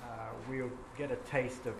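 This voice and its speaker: A man's voice: medium pitch, fairly even intonation, normal speed, vocal fry. A man giving a classroom lecture, explaining patiently and chanting rhythms aloud. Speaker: teacher. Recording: echoey classroom with background noise.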